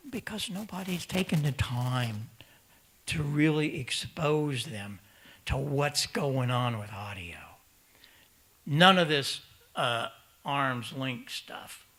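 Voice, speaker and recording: A presenter at a ham radio symposium, his voice a little high and a bit bright, gives an emphatic conference talk to an audience of ham radio operators. He repeats words for stress and mimics other hams, speaking in a conference room before the crowd.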